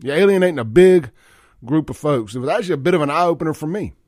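A man's voice: lively intonation, quick pace, a little mellow, no room sound, studio quality. A man hosting a radio talk show, chatting about sports in a folksy, opinionated way and getting worked up as he rants. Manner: folksy, worked-up rants, pitch climbing when riled. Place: radio studio. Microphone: studio microphone.

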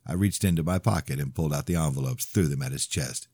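Deep-voiced male audiobook narrator. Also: fast talker, few pauses, dark tone, slightly rough, no room sound. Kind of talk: first-person audiobook narration.

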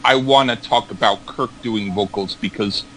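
A man's voice: fairly low pitch, normal speed, a bit bright, slight background noise, low-quality recording. A man in casual chat, rambling through anecdotes with stammered repeats and acted-out quotes.

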